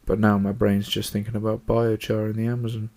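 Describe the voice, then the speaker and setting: Yawning as he goes, this podcast host rambles through his casual solo show, cursing offhandedly and trying to hold back yawns. He speaks briskly in a lowish, darkish voice with a level tone.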